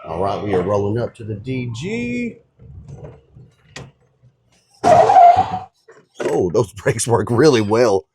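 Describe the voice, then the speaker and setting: Working on a truck in his home garage, this DIY builder chats with viewers as fellow guys, cracking jokes in a laid-back how-to vlog. His voice is lowish and his pace normal, with hardly any pauses and heavy background noise.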